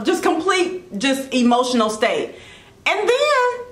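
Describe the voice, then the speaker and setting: A woman giving a casual devotional talk about leadership, animated and chatty, with quick asides and self-corrections. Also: high-pitched, roomy sound. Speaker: Christian blogger giving devotional teaching.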